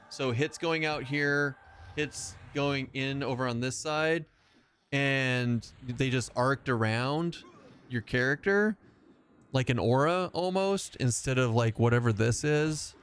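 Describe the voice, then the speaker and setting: A man's voice: medium pitch, slight background noise. A man chatting casually as he streams a game live, rambling and self-mocking and laughing often.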